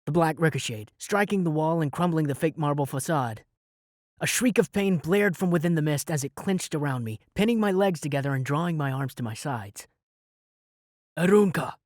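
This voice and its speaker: A young man narrating a fantasy audiobook in the first person with lively, dramatic delivery. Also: a little high, brisk, dry recording, studio quality. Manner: lively, dramatic storytelling with shouted spells.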